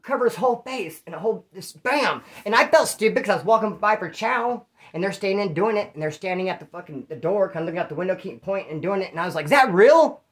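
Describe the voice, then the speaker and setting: A man's voice: high-pitched, fast, hardly any pauses, fairly bright tone. A man from California, a former prisoner, telling stories in casual slang and cursing, acting out what people said as he answers viewer questions. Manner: slangy and profane, acts out quoted speech.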